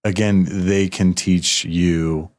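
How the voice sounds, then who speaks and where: A man's voice: low voice, level tone, takes it slowly, a little mellow. A man hosting a podcast, telling a personal story earnestly and getting a little emotional, with many restarts. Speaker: podcast host. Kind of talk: casual podcast conversation.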